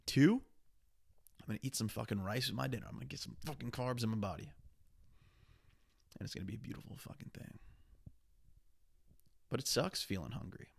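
A young man with a lowish, creaky voice hosts a solo podcast, delivering a rambling, profane, and candid monologue.

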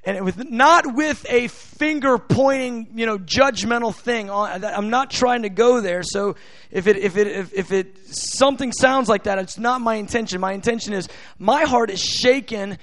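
An American man delivers a sermon in a fairly high voice, his delivery halting with many restarts before it swells into shouted, impassioned prayer. The sound is dry and close, with little room around it. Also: no room sound. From United States. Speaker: preacher.

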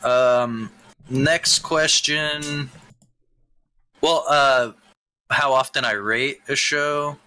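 A man's voice: medium pitch, fairly even intonation, drawn-out words, pauses often, pushed and bright, poor audio. A young man co-hosting an anime chat, easygoing and hesitant, asking questions between ums. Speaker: podcast co-host. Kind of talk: casual chat.

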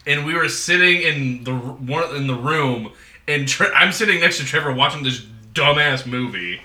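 A man's voice: on the high side, lively intonation, normal speed, sharp tone, roomy sound. A man on a podcast rambling through a casual anecdote. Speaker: podcast guest. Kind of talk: casual chat.

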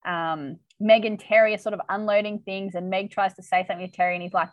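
A woman podcast host recaps a TV episode in casual, chatty fashion, animatedly voicing the characters' lines. Her voice is medium-pitched and fast, with no room sound but poor audio quality.

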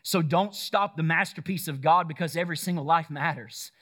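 High-voiced preacher man calling to his flock. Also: brisk, a bit bright. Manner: rhetorical questions and call-and-response. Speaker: pastor. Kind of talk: sermon. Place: church service.

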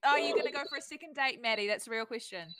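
A woman's voice: a little high, very fast, a loud crowd. A woman hosting a podcast, chatting casually and teasing her guests. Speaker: podcast host. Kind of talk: casual chat.

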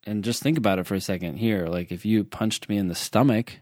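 A man's voice: lowish voice, fairly quick, darkish tone, dry recording, studio quality. A man tutoring for the LSAT in a casual chat, patiently explaining logic with everyday examples and repeating key points.

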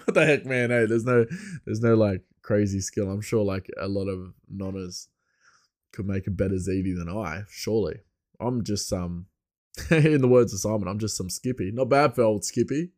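A man's voice: on the low side, a little mellow, no room sound, studio quality. An Australian man hosting a podcast on his own, chatting casually, laughing often and wandering into asides. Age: adult with a young son. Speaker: podcast host. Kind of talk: casual rambling monologue.

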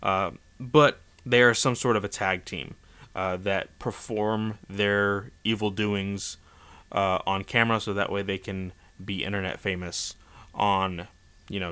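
A man's voice: low voice, flat delivery, unhurried, sharp tone, clear, resonant tone. A man casually recapping a comic chapter in a rambling way, with many fillers and restarts. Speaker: manga chapter reviewer.

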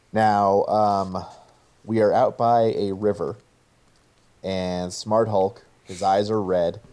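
A man's voice: sits low, warm tone. A man casually retelling a film's plot scene by scene, quoting the characters' lines. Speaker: narrator.

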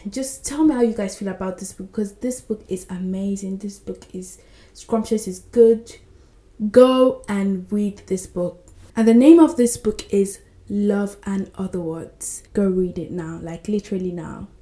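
A woman hosting a book podcast, retelling scenes with lively character voices in casual chat. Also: mid-range voice, a little slow, echoey room.

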